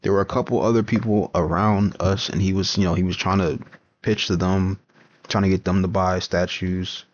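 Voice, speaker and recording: A man's voice: deep voice, flat delivery, normal speed. A young man chatting casually while he games, rambling, laughing often and trailing off into restarts. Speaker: comics vlogger. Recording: dull lo-fi home recording.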